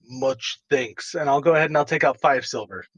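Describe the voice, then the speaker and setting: A man's voice: fairly high pitch, very fast, fairly bright tone, highs cut off. A man playing a tabletop game, describing his character's actions in a laid-back, amused way. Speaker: player. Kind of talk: casual tabletop play.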